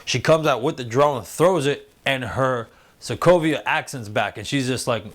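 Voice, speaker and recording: A man hosting a casual spoiler review show, excitedly retelling scenes and acting out the characters' lines. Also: mid-range voice, normal speed. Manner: excitable, animated retelling with quoted voices. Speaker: show host reviewing a TV series.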